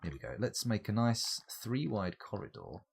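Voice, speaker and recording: Chatty streamer, low and animated, jokes and mutters through play. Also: male voice, moderate pace, creaky, slight background noise. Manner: chatty, joking, mutters at the game. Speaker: game streamer. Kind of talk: casual let's-play commentary.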